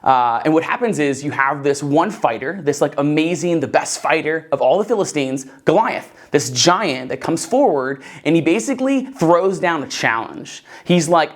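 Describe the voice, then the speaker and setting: Animated, chatty Bible teacher. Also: medium pitch, moderate pace, hardly any pauses. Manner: conversational, keeps asking "right?" and addressing "guys"; enthusiastic, animated storytelling. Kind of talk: casual Bible teaching session.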